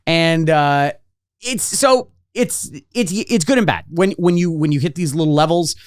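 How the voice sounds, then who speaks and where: A man's voice: on the high side, unhurried, clean tone. A man co-hosting a podcast, chatting casually and animatedly, swearing and acting out lines from games. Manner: animated, swears a lot, acts out game lines. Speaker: podcast co-host. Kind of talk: casual chat.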